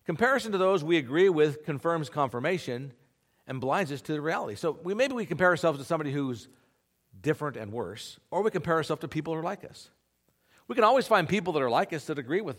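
A man's voice: fairly high pitch, expressive, quick pace, a bit bright. A man preaching a sermon as pastor, earnest and conversational, often checking in with his listeners.

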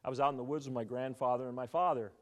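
A pastor with a mid-range voice races through a sermon. He tells animated stories and quizzes his congregation with questions.

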